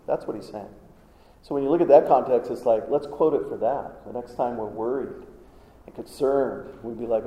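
A man's voice: medium pitch, animated, moderate pace. A man preaching a sermon in a conversational way, often putting questions to the congregation. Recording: echoey hall, dull sound.

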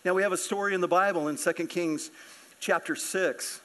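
Brief: a pastor with a high voice, animated, acting out the scripture. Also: male voice, fairly quick. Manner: animated, acts out scripture characters. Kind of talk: sermon. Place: church sanctuary.

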